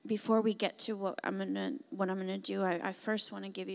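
A woman preacher delivering a sermon with a mid-range voice. She swings between fervent, raised passages and hushed, pleading invitations to her listeners. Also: medium pitch, flat delivery, fast, gravelly. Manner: builds to impassioned shouting, then drops to soft pleading. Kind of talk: sermon with altar call.

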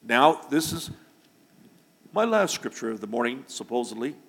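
A man preaching a sermon to his congregation, building to loud, emphatic declarations. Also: mid-range voice, very animated, normal speed, long reverb tail. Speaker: pastor. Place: church sanctuary.

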